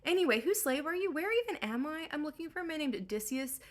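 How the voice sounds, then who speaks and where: A woman's voice: high-pitched, animated, fast, voice pushed up. A woman voicing a cocky, scheming male king who plays pranks, parodied in breezy modern slang.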